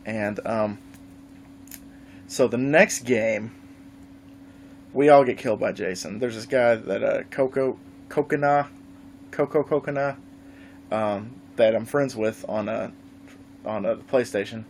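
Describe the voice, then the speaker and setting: A man vlogging live, telling a gaming story in a casual, animated way and swearing freely. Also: medium pitch, measured pace, pauses often, a little hiss or hum. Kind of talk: casual livestream chat.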